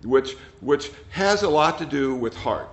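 An older man, a meditation teacher, giving a gentle, rambling dharma talk that often repeats words. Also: fairly high pitch, expressive, a little slow, creaky. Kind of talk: dharma talk with audience questions. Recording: slightly dull sound, faint noise.

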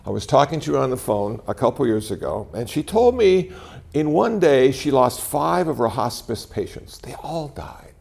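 A man in his sixties, medium-pitched with vocal fry and a breathy edge, speaks at a normal pace. He gives a conversational talk to a live audience, telling animated stories with wry humor.

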